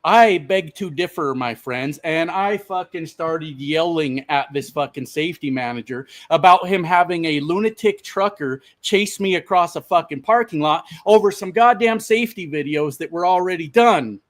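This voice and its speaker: Male trucker vlogger, slightly high voice, casual storyteller, swears a lot, talks straight to viewers. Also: normal speed, hardly any pauses. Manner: profane, animated, addresses viewers as "my friends". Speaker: truck driver and channel host.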